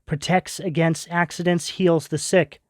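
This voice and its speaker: A man giving a tarot reading video, speaking in slow, emphatic, intense declarations. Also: on the high side, level tone, no echo, studio quality. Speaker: tarot reader.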